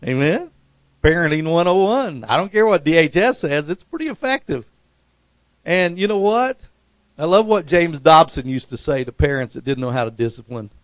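A middle-aged man preaching a sermon, animated, leaping into loud high-pitched bursts when he acts out quotes. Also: moderate pace, dry recording. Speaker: pastor.

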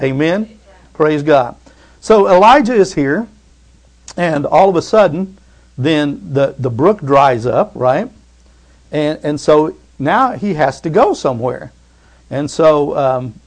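A man preaching a sermon, emphatic, swinging from loud exclamations to hushed reassurance and calling for amens. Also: on the high side. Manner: asks the congregation for amens.

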